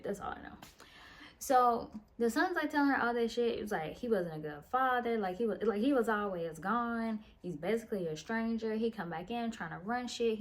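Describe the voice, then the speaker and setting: A tired woman casually recapping a novel late at night, slangy and profane, wandering off track and acting out the characters' lines. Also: a little high. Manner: slangy, profane, meandering retelling with mimicked dialogue. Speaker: book reviewer.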